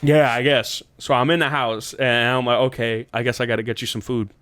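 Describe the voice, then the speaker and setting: A man hosting a podcast, telling a long story in casual, profane chat and jumping into high voices when he quotes people. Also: steady tone, a little fast, fairly bright tone, no room sound. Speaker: podcast host.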